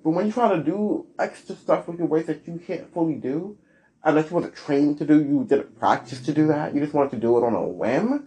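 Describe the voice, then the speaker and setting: A man hosting a solo podcast, giving blunt, sassy opinions with big swings in pitch. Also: animated, fairly quick, mellow, a little hiss or hum. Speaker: podcast host.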